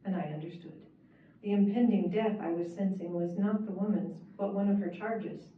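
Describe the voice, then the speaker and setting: A woman reads her own first-person novel aloud in a measured, wry manner. She sounds far from the mic in a very echoey space. The sound is thin and phone-like, with faint hiss behind it. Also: mid-range voice, steady tone. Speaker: author reading her novel. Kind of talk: first-person fiction reading. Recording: echoey, distant, phone-like and hissy.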